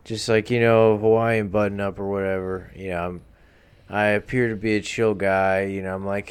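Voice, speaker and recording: Dude teasing his cohost, lowish voice, dry humor. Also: level tone, normal speed, smooth. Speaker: podcast co-host. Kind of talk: casual comedic banter.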